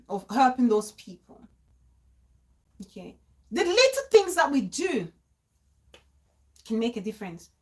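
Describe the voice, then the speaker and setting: A lively woman hosts a live-stream talk show and chats through viewer comments. Her voice sits on the high side, with quick laughs and frequent restarts. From Cameroon.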